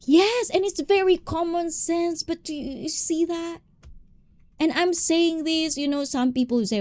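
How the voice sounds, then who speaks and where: A woman hosting a live stream, chatting with viewers in an animated, passionate way and switching between English and Tagalog. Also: medium pitch, no echo. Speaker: livestream host.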